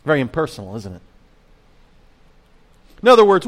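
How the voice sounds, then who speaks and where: Animated man preaching a sermon. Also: on the high side, a little fast. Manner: conversational, animated preaching with rhetorical questions. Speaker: pastor.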